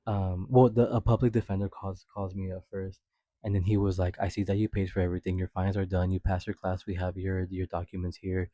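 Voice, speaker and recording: A man's voice: level tone, brisk, mellow, dry recording. A young man hosting a podcast, telling a personal story in a chatty, swearing way with laughs. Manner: chatty, swears often, laughs while telling, acts out quotes in a high voice. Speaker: podcast host. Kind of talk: casual storytelling.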